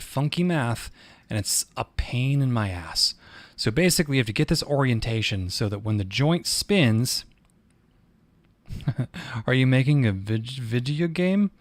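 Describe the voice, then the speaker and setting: A man's voice: medium pitch, no room sound. Profane, rambling male streamer. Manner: profane, rambling, easily frustrated. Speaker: streamer and 3D artist. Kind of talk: casual livestream tutorial.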